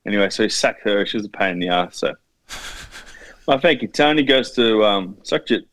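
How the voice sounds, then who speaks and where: A man's voice: on the low side, lively intonation, brisk, fairly bright tone, dry recording. An Australian man co-hosting a podcast, crude and swearing freely, mimicking people in casual chat. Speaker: podcast co-host.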